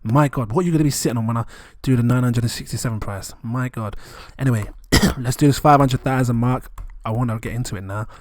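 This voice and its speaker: A man, rambling excitedly and chuckling often as he talks through numbers in a casual vlog. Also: mid-range voice, quick pace, hardly any pauses, dry recording, studio quality. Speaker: crypto vlogger.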